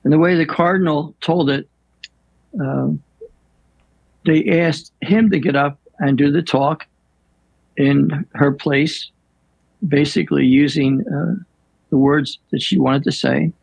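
An older man, a priest, telling stories in an unhurried, reflective way with many pauses and fillers. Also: a little high, fairly even intonation, vocal fry, husky, no room sound, low-quality recording. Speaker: priest guest. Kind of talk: storytelling in an interview.

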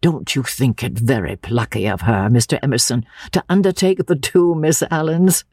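Lady doing a kind brisk clergyman, low husky voice, lively. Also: no echo, studio quality, exaggerated voice. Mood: kindly. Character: brisk, kindly male clergyman.

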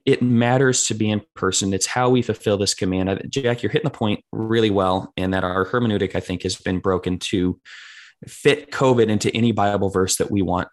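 Guy leading a church podcast chat, slightly low voice, easygoing, lots of "like" and "right". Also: steady tone, brisk. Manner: casual, asks questions, fillers like "like" and "right". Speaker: discussion host. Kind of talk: casual church panel discussion.

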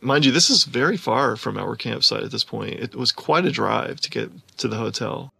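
A man telling a personal story in an animated way, often laughing as he talks. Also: medium pitch, normal speed, creaky, breathy edge.

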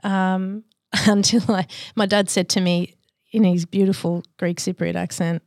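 A woman in her forties, a podcast guest telling her life story in a candid, reflective, measured way. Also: mid-range voice, steady tone, darkish tone, no echo, clean studio sound.

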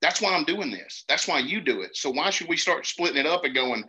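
A man from Georgia with a Southern accent, telling hunting stories in an earnest, animated way in casual conversation. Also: a little high, brisk. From Georgia, USA. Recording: dull lo-fi sound.

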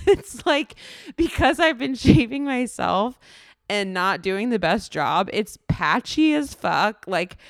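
A woman's voice: mid-range voice, very animated, a little slow, gravelly, dry recording, studio quality. Candid chatty woman podcast host. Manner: candid, chatty, laughs often, many "like" fillers. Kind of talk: casual podcast chat.

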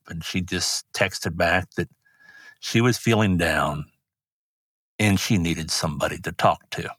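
An older man, a grandfather, speaking as an interview guest in a halting, grief-stricken way. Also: low voice, fairly bright tone, husky, no room sound, clean studio sound. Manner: halting, grief-stricken, voice rising when angry. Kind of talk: emotional interview talk.

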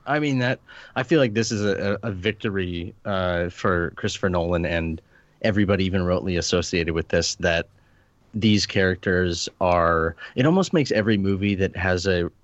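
A man with a lowish voice talks about a film on a podcast. He is eager and stumbles through fillers and restarts. The sound is dry and a bit dull. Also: moderate pace, no echo. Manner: enthusiastic, many fillers and restarts. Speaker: podcast panelist. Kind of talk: casual film discussion.

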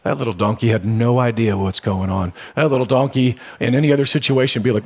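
A man preaching a sermon as pastor, telling stories in a conversational way with sudden animated bursts. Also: mid-range voice, a little fast, breathy edge.

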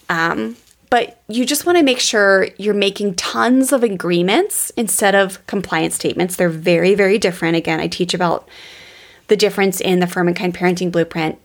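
A woman hosts a podcast in a chatty, upbeat way and keeps calling out to "you guys." Her medium-pitched voice carries a steady vocal fry. Her delivery is loose and conversational. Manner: enthusiastic, chatty, addresses listeners as "you guys". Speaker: podcast host and parenting coach. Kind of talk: casual podcast talk.

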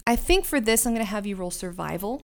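A woman's voice: medium pitch, expressive, fast talker, creaky. A woman narrating a tabletop game as game master, describing scenes unhurriedly with fillers.

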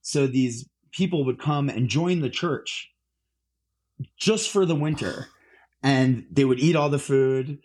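A man's voice: mid-range voice, slow, a little mellow. A musician, a man, chatting as an interview guest, rambling with lots of fillers and restarts. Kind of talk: casual interview chat.

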